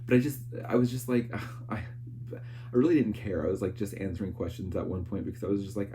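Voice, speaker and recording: A man's voice: on the low side, a little fast, dark tone, slight background noise. A man in his thirties chatting casually and rambling, jittery from coffee. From Nebraska. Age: 30s. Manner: rambling and chatty, with lots of fillers. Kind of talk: casual vlog chat.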